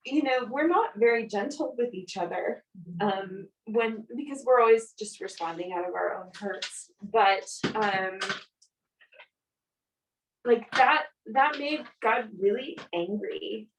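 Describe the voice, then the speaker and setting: A woman sharing a personal testimony in a church group, speaking haltingly with pauses and fillers. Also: on the high side. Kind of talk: personal testimony in casual chat. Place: live church gathering in a room. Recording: distant mic with faint noise.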